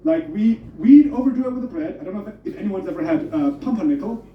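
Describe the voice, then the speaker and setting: High, lively young German comedian. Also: male voice, quick pace, a little hiss or hum. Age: young adult. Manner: animated, self-interrupting, laughing between jokes. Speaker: stand-up comedian. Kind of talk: stand-up comedy set. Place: comedy club stage. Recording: roomy, muffled club audio from a distance.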